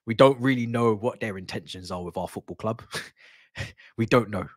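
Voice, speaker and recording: A man hosting a live football watch-along, chatting excitedly to his viewers as a fan. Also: lowish voice, normal speed, no room sound, clean studio sound. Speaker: football fan channel host.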